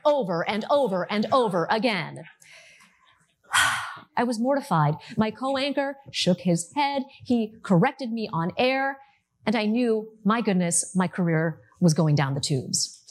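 A woman in her thirties from the United States giving a talk to an audience, telling her story in a lively, animated way. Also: medium pitch.

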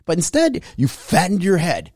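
A man's voice: sits high, huge pitch swings, normal speed, darkish tone, breathy edge, no room sound, studio quality. Emphatic, frustrated middle-aged man preaching. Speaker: podcast host. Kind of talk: solo motivational monologue.

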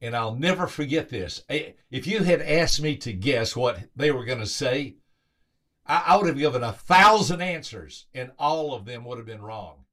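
A man's voice: medium pitch, moderate pace. Male motivational podcast host, mid-range voice; emphatic storyteller who repeats phrases and livens up his quoted lines. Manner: acts out quoted voices with lively lifts.

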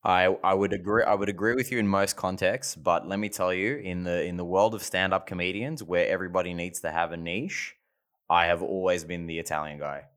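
Low-voiced comedian, hesitant. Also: male voice, steady tone, a little fast, fairly bright tone. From Australia. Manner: hesitant, repeats words when starting a thought. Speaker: stand-up comedian, guest. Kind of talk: casual podcast chat.

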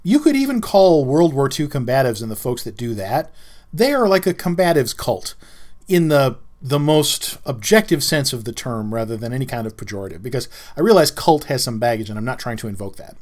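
A man's voice: mid-range voice, big pitch swings, fairly quick, a little mellow. Wry rambling middle-aged male podcaster. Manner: rambling, wry, self-interrupting storyteller. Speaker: podcast host. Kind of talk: casual monologue.

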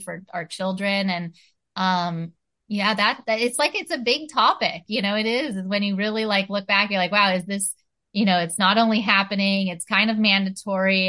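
A woman's voice: medium pitch, fairly bright tone. A woman talking earnestly in a casual spiritual chat, full of "you know" and "like".

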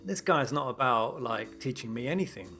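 A young adult man, a doctor, chatting casually and telling stories with lively acted-out quotes. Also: mid-range voice, normal speed, soft background music. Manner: lively storyteller who acts out quoted exchanges. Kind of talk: casual podcast chat.

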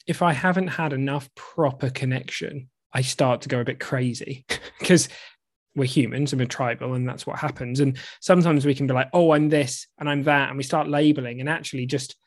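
A man's voice: medium pitch, fairly quick, no echo, studio quality. A man from the UK co-hosting a podcast, telling stories in casual chat with frequent laughs. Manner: chatty, laughing, animated storytelling. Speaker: podcast co-host.

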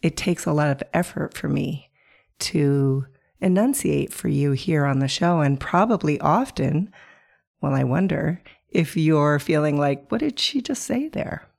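A woman hosting a reflective solo podcast, calm and coaching, sounding hoarse from a chest virus. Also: deep voice, a little slow. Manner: calm, coaching, asks the listener questions. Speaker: podcast host.

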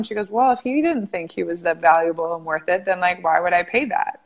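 A woman hosts the interview in a lowish voice and tells a story with animated energy. Her talk is casual and peppered with "like". She moves quickly from a story to its lesson and keeps the conversation going. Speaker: interview host, practice coach.

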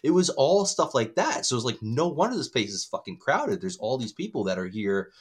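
A man co-hosting a podcast, telling stories in casual chat with an animated, swearing manner. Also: medium pitch, fairly quick, slightly rough. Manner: animated storytelling, loud when acting out others. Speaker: podcast co-host.

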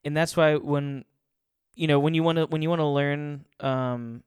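A man's voice: fairly high pitch, fairly even intonation, normal speed, darkish tone, clean tone, no echo, clean studio sound. A man giving a casual faith talk. He chuckles often and rambles, restarting his sentences.

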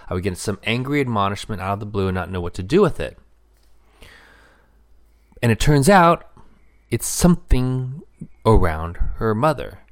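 A middle-aged man with a lowish voice talks earnestly about marriage. He thinks aloud, pausing on fillers as he works through his points. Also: very animated. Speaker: marriage speaker. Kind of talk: reflective personal talk.

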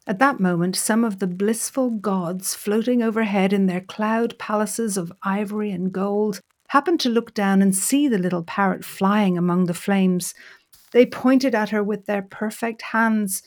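Expressive woman telling a folk tale. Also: mid-range voice. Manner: expressive, dramatic. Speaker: storyteller, story coach. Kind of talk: storytelling narration.

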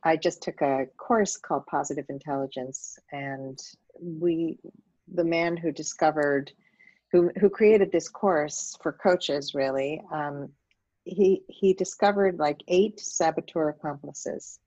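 A woman's voice: sits low, slow pace, dark tone, no room sound. A middle-aged woman host and coach, chatting and laughing easily in a casual interview. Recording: dull lo-fi audio.

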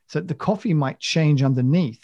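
A man hosts a casual chat, rambling from one story to the next with jokey enthusiasm. His voice has a gravelly edge. The sound is dry and slightly muffled. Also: a little high, moderate pace, a little mellow, dry recording. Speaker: podcast host.

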